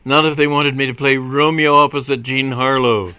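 A vain, moody patrolman played by a man who sulks and complains petulantly. His voice sits high, bright and pushy. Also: steady tone, fairly quick, no echo. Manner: petulant, whiny.

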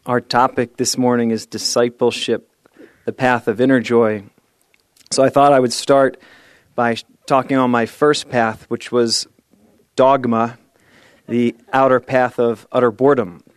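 A man's voice: mid-range voice, level tone, measured pace, no room sound, clean studio sound. Playful man giving a humorous sermon. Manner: playful, storytelling and self-deprecating. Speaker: speaker at a spiritual service. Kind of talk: humorous sermon and guided exercise.

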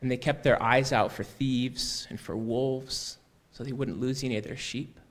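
A man telling a story aloud in an unhurried, conversational way, often repeating "he said" and restarting phrases. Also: mid-range voice, fairly even intonation. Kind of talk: oral storytelling.

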